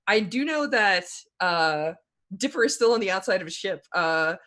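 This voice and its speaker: A game master narrates a tabletop role-playing game in a mid-range, expressive, slightly bright voice. He talks in halting bursts, often restarting and letting out little laughs.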